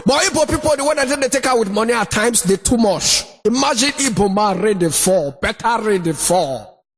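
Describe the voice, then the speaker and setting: A man with a Nigerian Pidgin accent, doing animated stand-up storytelling and shouting his punchlines. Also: high-pitched, moderate pace, slightly rough. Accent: Nigerian Pidgin English. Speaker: stand-up comedian. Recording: noisy recording.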